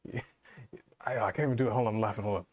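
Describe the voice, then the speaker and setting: A man's voice: lowish voice, racing, crowd noise. A man co-hosting a podcast in casual chat, telling stories and laughing as he goes. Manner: laughs while telling stories, lively intonation. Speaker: podcast co-host.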